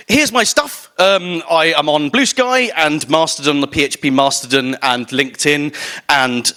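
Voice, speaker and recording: Bright-voiced English man giving a talk. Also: on the high side. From England. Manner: chatty and self-mocking, many ums and restarts. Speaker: conference speaker. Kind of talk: conference talk. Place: conference hall stage.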